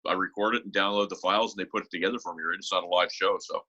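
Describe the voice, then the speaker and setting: A man with a low-pitched yet bright, forward voice co-hosts a casual interview. He talks fast and jumps in with quick, upbeat comments. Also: steady tone, slightly rough, dull audio. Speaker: podcast co-host and radio show host.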